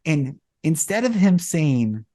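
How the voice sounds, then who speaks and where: A male podcast host in casual spiritual conversation, telling long rambling stories that grow animated as he retells them. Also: fairly high pitch, slow pace.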